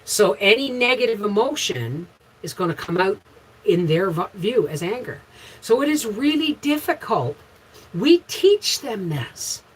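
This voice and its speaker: A middle-aged woman hosting a casual livestream, chatting with viewers and telling frank, rambling stories with sudden loud bursts. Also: mid-range voice, big pitch swings, a little slow, slightly rough, low-quality recording. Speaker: homestead channel host.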